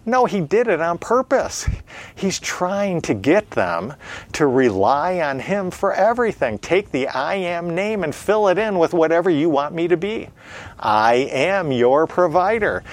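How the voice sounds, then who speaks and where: Man, mid pitch, Bible teaching, sermon style, rhetorical questions, emphatic repetition, filler sounds. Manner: frequent "uh" fillers, plain conversational delivery.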